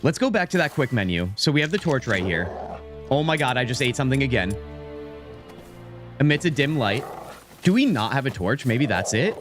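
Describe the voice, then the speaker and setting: A man's voice: mid-range voice, very animated, normal speed, long pauses, soft background music. An American man streaming a game, rambling casually and reading menu options aloud as he plays. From United States. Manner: rambling, chatty, reads menus aloud. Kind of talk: casual gameplay commentary.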